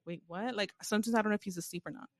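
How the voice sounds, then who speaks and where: A woman's voice: mid-range voice, rapid-fire, no echo. A woman telling stories in casual chat, loose and full of swearing, now and then slipping into Spanish words. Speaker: podcast co-host. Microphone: phone.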